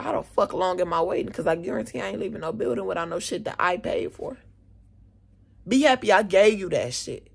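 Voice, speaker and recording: A teenage girl telling a story from school in a casual vlog from her bedroom, animated, indignant and swearing freely. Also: fairly low pitch, a little fast, gravelly, husky. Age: teens. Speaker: vlogger, student. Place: at home, bedroom.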